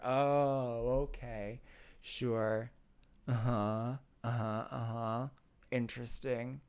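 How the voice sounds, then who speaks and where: A man's voice: medium pitch, expressive, a little slow. A man hosting a casual livestream, reading out chat and reacting sarcastically, laughing and repeating himself. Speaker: streamer host reading chat. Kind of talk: casual live-stream commentary.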